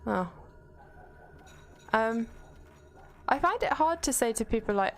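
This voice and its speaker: A woman's voice: a little high, lively intonation, slow pace, pauses often, faint music behind. Swearing woman streaming a game. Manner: chatty and swears freely, reads chat aloud. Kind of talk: casual chat while playing a game.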